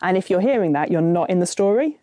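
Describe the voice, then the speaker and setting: A woman talks about her writing in a relaxed interview, wry and self-deprecating. Her voice is low and mellow, and the studio sound is dry. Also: fast, dry recording. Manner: dry, self-mocking humour. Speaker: novelist guest. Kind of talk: casual interview chat.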